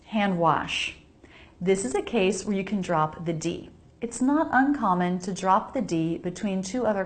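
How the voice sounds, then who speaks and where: A woman with an American accent teaching pronunciation, modeling each sound slowly and repeating words for the listener to copy. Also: medium pitch. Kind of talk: slow pronunciation lesson.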